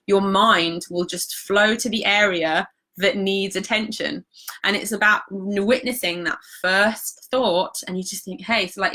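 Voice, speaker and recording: A woman talks casually into her live-stream mic, her voice bright and clear. She sounds reassuring and chatty, filling her sentences with "like" as she answers viewers. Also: medium pitch. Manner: chatty, reassuring, many fillers like "like". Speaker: holistic practitioner hosting a live stream.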